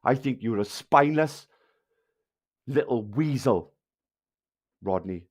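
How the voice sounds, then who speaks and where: An angry man with a thick South Wales Valleys accent, talking straight to his livestream viewers. He rants and swears freely, hurling insults in a mid-pitched voice. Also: lively intonation, takes it slowly. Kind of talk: ranting livestream address to viewers.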